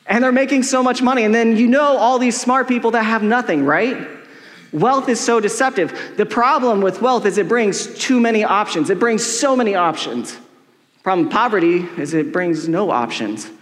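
High-voiced casual pastor in echoey hall. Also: male voice, normal speed, a bit bright. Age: middle-aged. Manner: casual, joking, heavy use of "like". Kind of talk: sermon. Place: church hall with long reverb. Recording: echoey church hall with long reverb.

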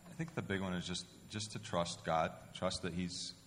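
A man with a very low voice speaks earnestly and haltingly about trust in God. His words carry a long hall reverb, with a faint hum of room noise behind him. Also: steady tone, fairly bright tone. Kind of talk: casual testimony.

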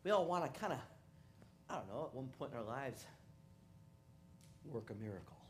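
A man's voice: mid-range voice, moderate pace, slight background noise. A man preaching a sermon, who prays and tells personal stories, acting out the voices of the people in them. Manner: animated storyteller who acts out quoted voices. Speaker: pastor. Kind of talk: sermon with storytelling.

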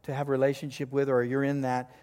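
A man's voice: mid-range voice, completely flat delivery, fast talker, darkish tone, in a large hall. An older man preaching a sermon as a pastor, in a conversational, joking storytelling manner before a live congregation.

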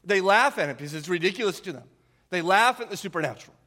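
Animated preacher in a reverberant hall. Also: male voice, high voice, fast. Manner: animated, rhetorical tag questions. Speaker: pastor. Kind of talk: sermon.

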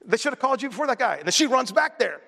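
A man's voice: very high-pitched, sing-song, very fast, creaky, bright, forceful tone. A male pastor preaching a sermon in a conversational, storytelling way, now and then imitating others in a raised voice. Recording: long hall reverb.

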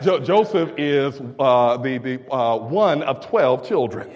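A man preaching a sermon in a church, with stammering restarts and call-and-response, rising to shouts. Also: medium pitch, animated, slow pace. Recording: long reverb of a church hall.

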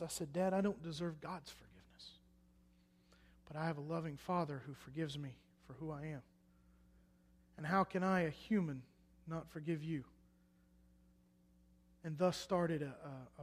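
Man in his twenties, sermon testimony, emphatic then hushed, big reverberant hall. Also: fairly high pitch, normal speed. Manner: swings from loud emphatic bursts to hushed quiet lines. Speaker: preacher.

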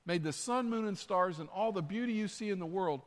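A man's voice: high-pitched, brisk, long reverb tail. A man preaching a sermon as pastor, earnest and conversational, repeating his phrases. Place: church sanctuary.

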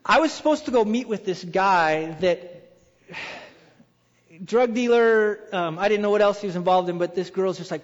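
A man preaching a sermon as pastor, telling stories in an animated way and acting out quoted voices. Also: high-pitched, measured pace. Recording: dull reverberant hall sound.

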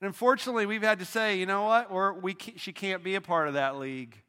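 A middle-aged man preaching a sermon from a church stage, casual and lively, leading the congregation in call-and-response. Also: high voice, fast talker, clean tone. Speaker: pastor.

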